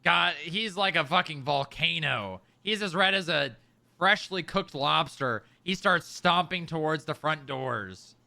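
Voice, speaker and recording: A man's voice: on the high side, a little slow, vocal fry, bright, forceful tone, no room sound. A man running a role-play job interview, narrating a hypothetical scenario with hesitant filler sounds.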